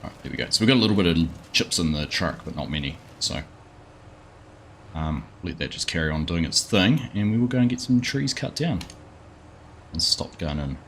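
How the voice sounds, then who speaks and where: This Australian streamer chats casually with viewers by name while playing live. His low voice has lively intonation and a moderate pace, with slight background noise in the recording.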